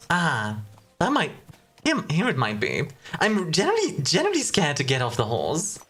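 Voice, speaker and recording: A woman's voice: deep voice, huge pitch swings, moderate pace, a bit bright, breathy edge. A young woman streaming a game in casual chat, playful and self-mocking, often breaking into laughter.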